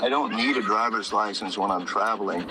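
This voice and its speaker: A man's voice: on the low side, fairly quick. A man stopped by police while driving, stubbornly refusing to leave his car. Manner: stubborn, defiant, repetitive. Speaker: stopped driver. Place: in a car at the roadside. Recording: muffled bodycam audio with outdoor noise.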